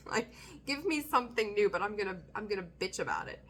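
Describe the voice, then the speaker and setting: Bright-voiced lady doing a tarot reading, blunt and sweary, faint hum behind. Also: mid-range voice, fairly quick. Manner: blunt, swearing, laughs often, animated. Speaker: tarot reader.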